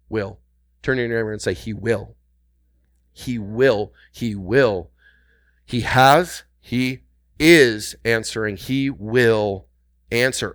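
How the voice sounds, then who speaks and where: A pastor delivers a sermon, swinging from hushed, intimate passages to loud, urgent exhortation while repeating words for emphasis and calling on the congregation. His smooth mid-range voice is recorded cleanly in a studio with no room sound.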